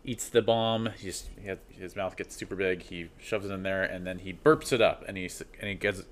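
A man's voice: sits low, brisk. A man on a film podcast, casually retelling scenes he remembers. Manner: storytelling, recounting scenes. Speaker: podcast co-host.

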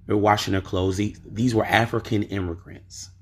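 With a lowish, husky voice, this male podcast host speaks at normal speed in a steady tone. He narrates a story as a casual monologue, emphatic and leaning on rhetorical questions to press his point.

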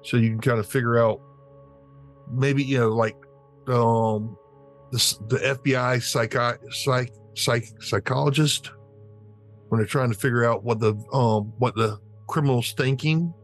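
A man's voice: mid-range voice, steady tone, a little slow, soft background music. A man playing a tabletop game, rambling with lots of fillers. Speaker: player.

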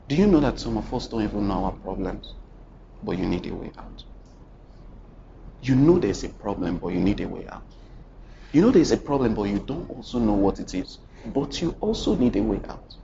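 A man preaching a sermon, telling a story dramatically and putting questions straight to the congregation, with repeated phrases. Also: a little hiss or hum. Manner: dramatic storytelling with sudden swings in pitch and loudness; addresses the congregation directly with questions and repetition. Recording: dull lo-fi recording with faint ambience.

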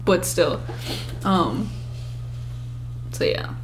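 A young woman co-hosting a podcast, telling childhood stories in a casual, profane, animated way. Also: on the low side, very slow, slight background noise. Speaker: podcast co-host. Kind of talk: casual storytelling chat.

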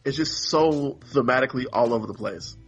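A man's voice: medium pitch, a little fast, muffled recording, over music. A man co-hosting a podcast in casual chat, rambling and exasperated, acting out characters in mock voices. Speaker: podcast co-host.

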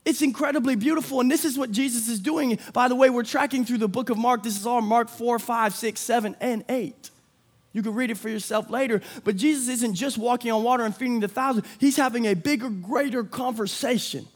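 A man preaching a sermon with energy, building to shouts and acting out quick voices for the people in the story. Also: extremely high pitch. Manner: energetic, rising to shouts, acts out disciples' voices. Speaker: pastor.

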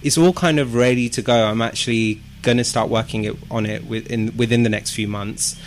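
A man's voice: mid-range voice, steady tone, brisk, a little hiss or hum. A man, a musician guest chatting casually and modestly, laughing often. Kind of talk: casual interview chat.

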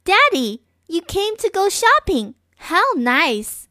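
Picture a cheerful little girl, squeaky and high, bubbling with delight, as a woman reads her aloud. Her lines bounce with lively swings in pitch, close and dry on the mic. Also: slow pace, dry recording, heavily acted.

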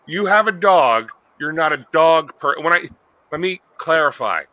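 A man's voice: a little high, expressive, highs cut off. A man co-hosting a podcast, riffing jokily in casual banter. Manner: quick, jokey riffing. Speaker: podcast co-host.

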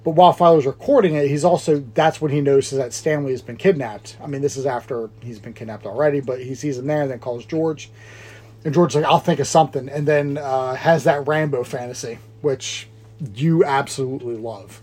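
A man's voice: medium pitch, steady tone, a little fast, a little mellow. A man co-hosting a podcast, recapping a movie in a rambling, laughing way and acting out its lines. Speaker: podcast co-host. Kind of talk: casual movie recap chat.

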